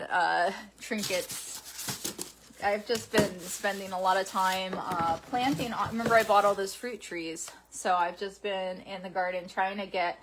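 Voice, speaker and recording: A woman vlogger chatting casually to camera as she opens fan packages, talking softly with many pauses and fillers. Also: mid-range voice. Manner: soft, halting and tearful, with many fillers. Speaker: vlogger opening fan mail. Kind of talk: casual unboxing chat to camera. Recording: faint background noise with package crinkling.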